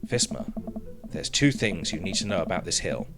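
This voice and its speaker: A man's voice: low voice, very animated, normal speed, vocal fry, background noise, pitched below the performer's own voice, exaggerated voice. A man voicing an upbeat, sporty dad who coaches his jogging buddy with cheerful teasing. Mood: coaching.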